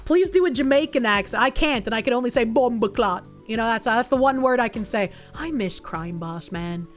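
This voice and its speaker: A woman streamer reads an article aloud and breaks off to mock it with blunt, sweary sarcasm. Her voice is fairly high. Soft music plays behind her. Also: expressive, brisk. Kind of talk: reading an article aloud and reacting.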